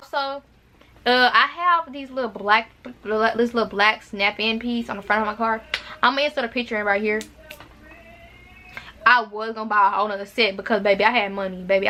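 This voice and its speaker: A woman's voice: medium pitch, sharp tone, slight background noise. A young woman from Arkansas, telling a dramatic storytime to her viewers in casual chat, with repeated words and asides. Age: young adult. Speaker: vlogger.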